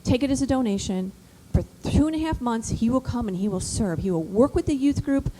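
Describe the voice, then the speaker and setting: Brief: fairly high-voiced woman, emphatic storyteller addressing mothers. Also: brisk, noisy background. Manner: animated, emphatic, repetitive. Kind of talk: motivational storytelling speech.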